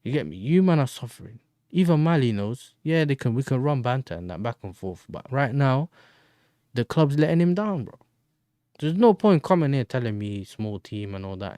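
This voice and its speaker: A man's voice: medium pitch, sing-song, normal speed, warm tone, dry recording. A man hosting a football fan livestream, bantering in slang and answering chat messages. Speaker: football fan channel host.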